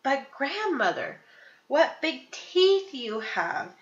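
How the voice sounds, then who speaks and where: A woman voicing an innocent little girl in a red hood in a high, childlike storybook voice. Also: lively intonation, moderate pace, fairly bright tone, reverberant, lo-fi sound.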